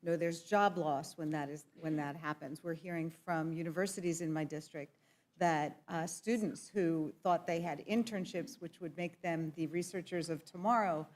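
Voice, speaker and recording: A woman's voice: sits low, fairly even intonation, normal speed, a little mellow. A woman on a congressional committee, speaking earnestly with fillers while losing her voice. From southeastern Pennsylvania. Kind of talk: committee hearing remarks. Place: hearing room.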